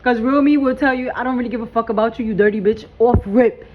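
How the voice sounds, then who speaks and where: A woman's voice: a little high, fast, phone-quality sound, a little hiss or hum. A woman doing a casual spiritual reading vlog, hyped and blunt, talking in slang and swearing freely. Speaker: tarot reader.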